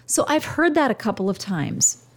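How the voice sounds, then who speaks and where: A woman's voice: on the high side, animated, moderate pace. A woman host giving casual advice talk, speaking directly and conversationally to her listeners. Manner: direct, conversational, quotes others in asides.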